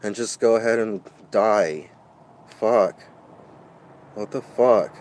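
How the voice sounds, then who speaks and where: A man's voice: on the low side, slow pace, a little mellow. A man venting in a rambling storytime vlog, stammering and swearing, upset and shaken. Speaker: vlogger.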